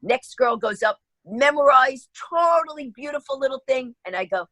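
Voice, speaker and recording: A woman from New York tells stories as a radio guest, her voice sitting a little high and jumping into the voices of everyone in the tale. The sound is dry and close. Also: expressive, normal speed, hardly any pauses, fairly bright tone, dry recording, low-quality recording. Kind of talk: animated storytelling in a radio interview.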